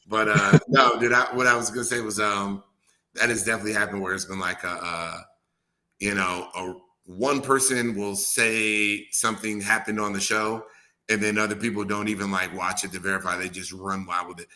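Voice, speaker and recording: A man's voice: fairly low pitch, fairly even intonation, normal speed, pushed and bright. A man hosting a casual podcast chat, laid-back and laughing easily, with casual swearing. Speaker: podcast host.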